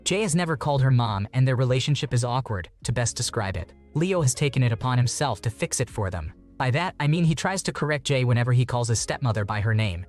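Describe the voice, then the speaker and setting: Steady male story narrator over music. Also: medium pitch, fast, hardly any pauses. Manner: even, steady reading with short commentary. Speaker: narrator reading online stories. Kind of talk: scripted narration. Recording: music bed behind the voice.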